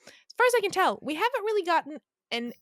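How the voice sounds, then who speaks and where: A woman co-hosting a podcast in casual chat, lively and thinking aloud. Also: very high-pitched, fast talker, dry recording, clean studio sound. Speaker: podcast co-host.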